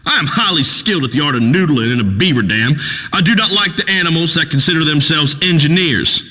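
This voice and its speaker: A crude, pompous radio host, booming through a long hall reverb. His voice rides high and bright, swinging up and down as he blusters in folksy broken grammar. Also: expressive, brisk. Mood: boastful. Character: crude redneck male talk radio host. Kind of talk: comedic radio talk show acting.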